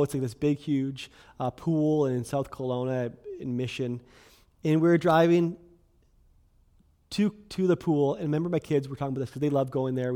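A man in his thirties delivering a sermon with a slightly high voice. He talks to the congregation in a loose, conversational way and keeps checking in with "right?". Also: a little mellow. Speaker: pastor.

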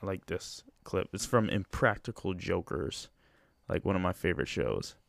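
A man's voice: low-pitched, lively intonation, moderate pace, gravelly, no echo. A young man hosting a casual solo podcast, talking loosely and rambling with plenty of fillers. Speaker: podcast host.

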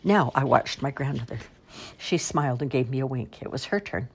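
A woman reading a story aloud in an unhurried storybook narration. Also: rumbling low, animated, slight background noise.

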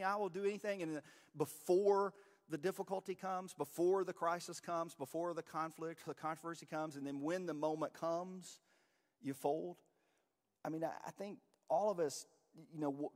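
A man delivering a sermon in an easygoing, relatable way, often restarting his sentences mid-thought. His voice sits a little high for a man. It rings out with the long reverb of a large hall. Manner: casual, relatable, frequent restarts and fillers. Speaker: pastor. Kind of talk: conversational sermon.

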